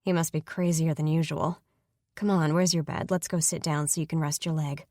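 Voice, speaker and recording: A woman's voice: low voice, fairly even intonation, moderate pace, darkish tone, no room sound, studio quality. A woman voicing an impatient, protective older sister who talks in a brusque, irritated way in an audiobook. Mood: annoyed. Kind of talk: audiobook character voice.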